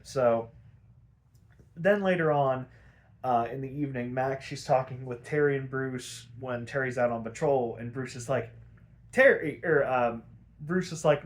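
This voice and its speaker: A man's voice: medium pitch, measured pace. A young man casually recapping a cartoon episode, rambling and swearing, acting out the characters' lines as he goes. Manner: rambling, profane, animated retelling with acted quotes. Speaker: podcast host.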